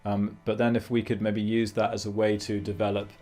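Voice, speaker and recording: A man's voice: lowish voice, flat delivery, a little fast, dark tone. A man teaching a guitar lesson, explaining phrasing and singing rhythm syllables between his points. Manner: thinking aloud with fillers and restarts. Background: guitar playing.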